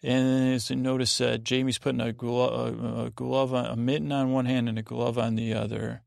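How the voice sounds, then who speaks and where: A man hosting a sleep podcast, slowly retelling a story in a meandering way with many restarts and asides. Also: mid-range voice, flat delivery, creaky, a little mellow, dry recording, studio quality. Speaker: podcast host. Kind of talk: rambling bedtime retelling.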